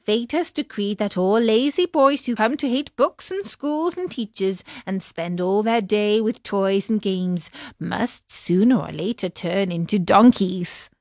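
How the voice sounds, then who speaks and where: A woman voicing a kind, fat little female dormouse who speaks softly and sadly. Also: medium pitch, animated, a little slow, hardly any pauses, no echo, studio quality. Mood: gently grave.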